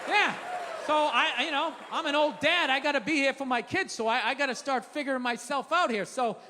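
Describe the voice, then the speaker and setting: A middle-aged man in his fifties doing a stand-up comedy set, ranting profanely and animatedly with sudden shouts. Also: extremely high pitch, brisk, background noise. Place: comedy club stage. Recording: roomy live theater sound. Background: audience laughter.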